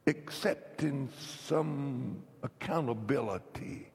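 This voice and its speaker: A man from North Carolina, preaching an emphatic revival sermon that swings between loud, shouted lines and hushed whispers. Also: medium pitch, slow, creaky, in a large hall. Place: church sanctuary.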